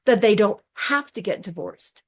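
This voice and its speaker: A woman hosting a podcast as a recovery coach, talking in a casual monologue with lively acted-out reactions and long spoken lists. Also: medium pitch, moderate pace. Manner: animated, acts out quoted reactions, lists in runs.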